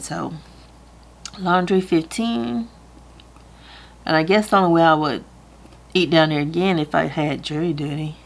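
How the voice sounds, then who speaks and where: A woman, chatting casually to camera about her budget, laughing easily and close to tears at times. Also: deep voice. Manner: chatty, laughs easily, talks through her math aloud. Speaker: budgeting vlogger.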